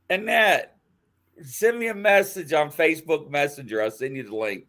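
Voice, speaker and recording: A show host with a highish, fairly bright voice talks at a moderate pace on a casual live-stream chat show, laughing a lot and spelling out names as he types.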